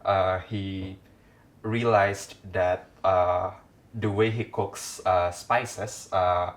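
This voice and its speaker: A man's voice: sits low, steady tone, very slow, recorded from a distance. A man talking as a podcast guest in a casual conversation, hesitant, with many fillers and restarts. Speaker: podcast guest, food writer.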